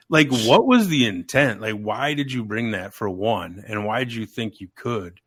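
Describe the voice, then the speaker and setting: A man chatting casually on a podcast, emphatic and animated, calling people "dude". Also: on the low side, moderate pace, hardly any pauses, breathy edge, no room sound, studio quality. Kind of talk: casual chat.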